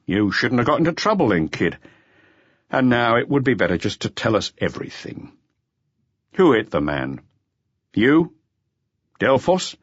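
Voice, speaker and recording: A man acting a gruff, impatient middle-aged chief inspector who grills a suspect bluntly, sometimes coaxing like a father. His low voice moves lively through each line. The sound is dry and slightly lo-fi. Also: no echo. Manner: blunt, coaxing interrogating tone, occasionally paternal. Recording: slightly dull lo-fi audiobook recording.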